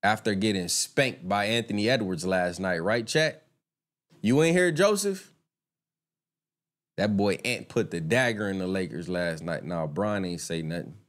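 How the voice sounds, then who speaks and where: A man's voice: low-pitched, normal speed, a bit bright. A man doing casual live-stream commentary, talking straight to his viewers, swearing freely and getting heated and indignant when he rants.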